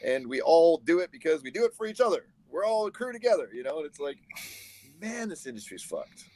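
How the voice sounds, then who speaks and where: A man from the United States, a guest photographer, telling animated stories in a casual interview over a video call. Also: fairly high pitch, fast talker. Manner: animated storyteller, acts out quoted people.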